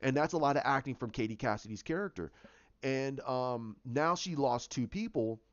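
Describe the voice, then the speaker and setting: A man's voice: medium pitch, moderate pace, no room sound. A man casually recapping a TV season, rambling with many restarts and fillers. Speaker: fan show host. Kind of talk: casual fan commentary. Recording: dull, lo-fi sound.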